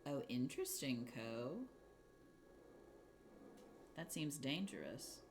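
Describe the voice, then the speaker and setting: A woman's voice: rumbling low, big pitch swings, slow pace, noisy background. A woman hosting a crafting livestream, chatting casually and rambling while she answers her chat. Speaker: livestream host.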